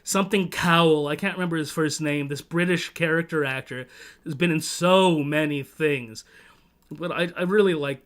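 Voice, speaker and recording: Chatting casually on his livestream, a man from Toronto swears freely, rambles, and restarts his thoughts often. He has a fairly high, fairly bright voice at a moderate pace, and a little hiss or hum sits in the recording.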